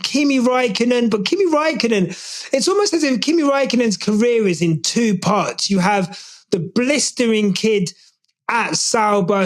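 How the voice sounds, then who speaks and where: A man hosting a podcast, giving casual, animated opinion commentary with jokey asides. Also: high voice. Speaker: podcast host.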